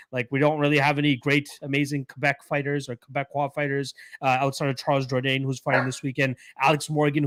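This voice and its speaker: A man's voice: medium pitch, a bit bright, no room sound. A young man from Canada co-hosting a podcast, chatting casually and rambling with lots of fillers and easy laughs. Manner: laid-back rambling with frequent fillers and laughs. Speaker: podcast co-host. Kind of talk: casual chat.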